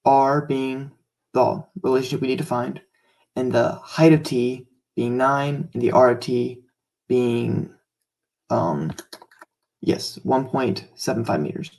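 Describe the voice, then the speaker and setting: A man's voice: medium pitch, a little mellow, poor audio. A man tutoring math, walking through a calculus problem step by step in a casual way with occasional fillers.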